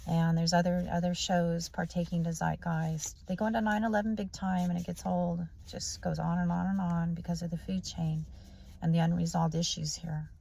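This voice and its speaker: Gravelly-voiced woman ranting bluntly. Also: lowish voice, level tone, normal speed, dark tone. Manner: blunt, swears constantly, preachy. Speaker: vlogger. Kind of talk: profane ranting monologue.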